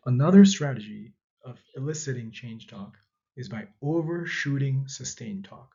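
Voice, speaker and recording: A man's voice: medium pitch, gravelly, darkish tone, muffled recording. A man teaching a recorded lecture in a conversational way, often restarting phrases and asking rhetorical questions. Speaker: instructor.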